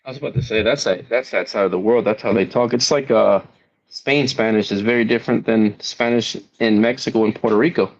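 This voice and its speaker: A man's voice: fairly low pitch, fairly quick. Chill guy musing in casual chat, keeps saying man, kinda muffled lo-fi audio. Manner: laid-back, reflective, says man often.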